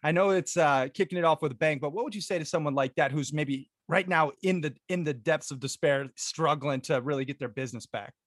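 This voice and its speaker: A man's voice: a little high, fairly quick, few pauses, dry recording, studio quality. A man hosting an interview podcast, enthusiastic and encouraging toward his guest. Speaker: podcast host.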